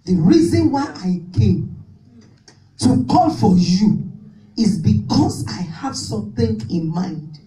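Warm in tone and medium in pitch, this woman pastor speaks slowly with big swings in pitch. Her fervent, repetitive sermon calls out to the congregation for responses, recorded from afar in an echoing church hall.

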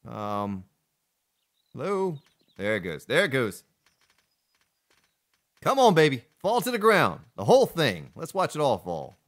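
Lively-voiced male game streamer. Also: medium pitch, measured pace, long pauses. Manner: playful, jokey, talks to chat and thanks donors. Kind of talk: live gameplay commentary.

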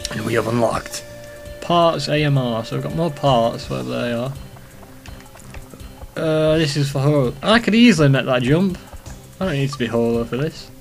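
A young man giving rambling, profane commentary while playing a video game, excitable and talking to himself. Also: mid-range voice, normal speed, gravelly, pauses often, soft background music. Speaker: let's play host. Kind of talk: casual gameplay commentary.

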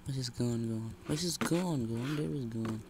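A man giving casual, excitable commentary over a shooter game, jumping from shouts to muttered whispers. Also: medium pitch, measured pace, noisy background. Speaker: gamer commentator.

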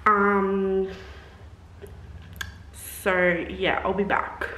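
A woman's voice: medium pitch, level tone, drawn-out words, bright, forceful tone, echoey room, distant mic, a little hiss or hum, poor audio. A woman in her twenties filming a casual try-on vlog, chatty and exasperated, with lots of filler words. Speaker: vlogger.

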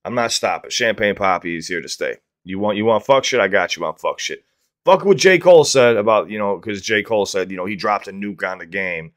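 Male reaction host, lowish voice, casual and profane, quick to get worked up. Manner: excitable, profane, breaks off to explain.

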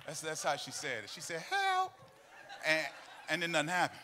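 A middle-aged man preaching a sermon in a church. He tells stories and breaks into sung, shouted cadences, with faint music behind him. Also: a little high, fast talker, a faint crowd, slight background noise. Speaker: pastor. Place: church sanctuary.

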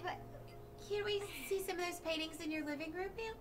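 A woman's voice: very high voice, fairly quick. An actress playing a young female demon visitor, who is overly polite and keeps saying ma'am, in a film clip. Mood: fake-polite. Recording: film clip over music.

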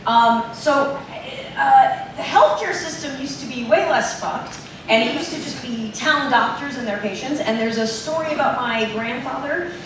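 A woman's voice: sits high, normal speed, a bit bright. A woman doing a rambling, profane live comedy monologue in front of an audience. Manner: rambling, self-interrupting, profane. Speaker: improv monologist. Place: cruise ship show lounge, live audience. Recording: echoey and distant, crowd noise.

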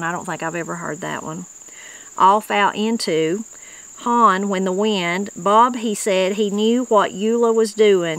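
A woman's voice: medium pitch, poor audio. A woman with an Appalachian accent, hosting and explaining regional words in a folksy, conversational way, now and then reading dictionary entries aloud. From Appalachia, western North Carolina. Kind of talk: casual explanatory talk.

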